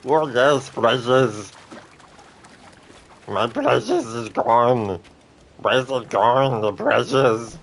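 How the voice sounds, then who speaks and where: A man voicing a wretched creature who hisses and whines over lost treasure, in a raspy, drawn-out voice. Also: mid-range voice, lively intonation, a bit bright, pitched above the performer's own voice, heavily acted. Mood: whining.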